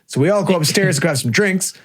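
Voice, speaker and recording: A man's voice: high voice, animated, a little fast. Swearing man retelling a night out. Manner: profane, exasperated storytelling. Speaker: podcast co-host. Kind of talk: casual storytelling chat.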